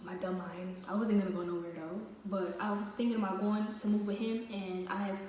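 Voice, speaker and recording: A woman's voice: medium pitch, flat delivery, a little fast, darkish tone. A woman telling a personal story in a casual storytime vlog. She talks in a chatty way with many fillers. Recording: very echoey room, distant mic, faint noise.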